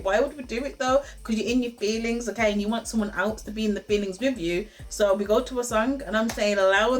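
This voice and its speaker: A young woman talks casually to camera, giving advice and encouragement. She speaks in a lively way, repeats phrases for emphasis and laughs often. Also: medium pitch. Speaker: host giving relationship advice. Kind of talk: casual motivational talk to camera.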